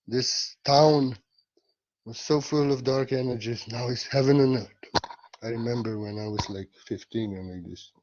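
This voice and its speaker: A man giving a gentle, rambling spiritual talk in halting, non-native English. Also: medium pitch, highs cut off. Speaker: spiritual teacher.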